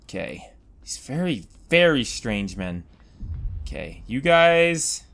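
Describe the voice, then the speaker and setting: Goofy, animated man playing a game. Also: medium pitch, slow, vocal fry. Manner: goofy, rambling, exclaiming at the game. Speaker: Let's Play gamer. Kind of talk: casual gameplay commentary.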